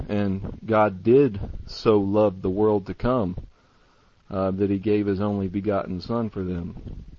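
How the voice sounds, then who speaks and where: A man's voice: lowish voice, dull audio. A man calling into a Bible study, casual and a little out of breath. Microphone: call or conference line.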